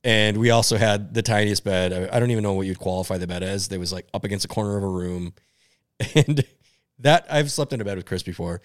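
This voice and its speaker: A man's voice: fairly low pitch, fast talker, no room sound, studio quality. A man telling a funny story in a casual podcast chat, laid back and laughing between lines.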